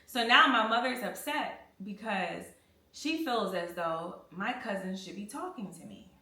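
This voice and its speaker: A woman's voice: mid-range voice, measured pace. A young woman telling a personal story in a candid, slangy way while she cleans her bathroom. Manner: candid, slangy, animated retelling. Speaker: vlogger. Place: home bathroom. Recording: echoey bathroom, mic at a distance.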